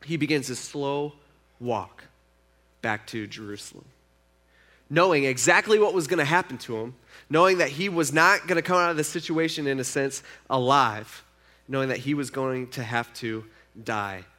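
A man's voice: medium pitch, moderate pace, pushed and bright. A man preaching, retelling a Bible story in a casual, chatty way and acting out the characters' lines.

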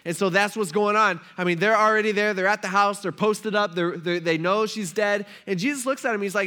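A man preaching a sermon as a pastor, speaking in a relaxed, slangy way and acting out the characters of the story in everyday talk. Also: high voice, brisk, hardly any pauses, clear, resonant tone. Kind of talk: casual conversational sermon.

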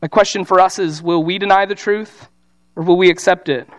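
High-voiced man preaching casually. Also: fairly even intonation, a little fast, a bit bright. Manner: casual paraphrasing of scripture in modern speech. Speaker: pastor. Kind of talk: sermon with scripture reading.

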